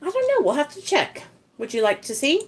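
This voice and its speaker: A woman's voice: high-pitched, huge pitch swings, a little fast. A young woman and mother talking candidly to viewers in a live video, rambling with lots of "like" and "you know". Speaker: mother sharing her recovery in a live video. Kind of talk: candid casual live chat.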